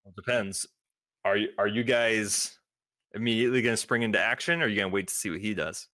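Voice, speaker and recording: A man with a bright, forward voice narrates a tabletop game as game master, painting each moment of the fight in lively detail. The sound is dry and close to the mic. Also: fairly low pitch, fast, no echo. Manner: lively, vivid scene narration.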